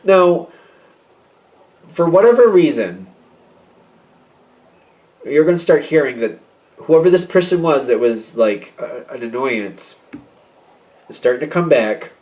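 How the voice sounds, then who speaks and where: A man's voice: medium pitch, sing-song, measured pace, pauses often, a little mellow. Rambling man reading tarot, distant mic. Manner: chatty, rambling, many fillers and quoted asides. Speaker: tarot reader. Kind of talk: casual tarot reading monologue.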